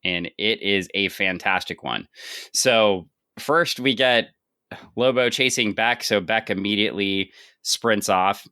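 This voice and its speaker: A man co-hosts a casual comic-book podcast, walking through the story with wry, sarcastic comments. His voice sits on the low side but comes across bright and crisp, recorded dry and close with no room sound. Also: takes it slowly, no echo. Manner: recaps the plot with wry, sarcastic asides. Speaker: podcast co-host.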